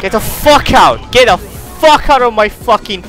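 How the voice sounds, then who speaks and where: A young man giving swearing, ranting gameplay commentary with loud outbursts. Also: very high voice, expressive, a little slow, over music, crowd noise. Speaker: gaming YouTuber.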